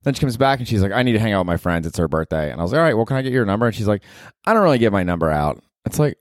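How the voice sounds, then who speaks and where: Laid-back, deep-voiced guy cracking up. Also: very animated, racing, no echo, studio quality. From United States. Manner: loose, profane, laughing, says dude a lot. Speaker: podcast host and stand-up comedian. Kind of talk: casual solo podcast storytelling.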